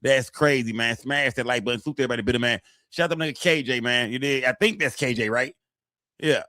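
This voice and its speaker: Fast-talking man streaming, loose and profane. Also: medium pitch, sharp tone, dry recording, studio quality. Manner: loose, profane, repetitive street slang. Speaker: streamer reacting to court footage. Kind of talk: casual live-stream commentary.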